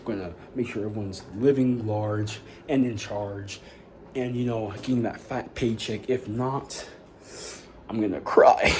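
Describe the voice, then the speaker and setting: His voice is lowish, steady, and a little mellow, and he doesn't rush, though the rough recording carries some hiss or hum. This young YouTuber rambles through a casual vlog chat, leaning on "you know" and "like" and pumping up his audience.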